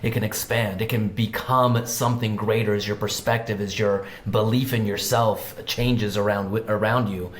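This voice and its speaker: A man's voice: lowish voice, fairly even intonation, normal speed, few pauses. A man hosting an interview, conversationally leading his guest into a story. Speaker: host. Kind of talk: interview questions. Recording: roomy echo.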